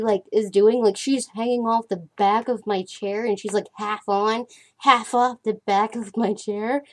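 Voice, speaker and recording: A young woman chatting casually to her viewers in a voice-over. She rambles, laughs often, and breaks off now and then to scold her cat in high-pitched bursts. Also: steady tone, a little slow. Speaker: art channel creator. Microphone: desktop mic, recording audio at home. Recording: faint background music. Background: soft background music.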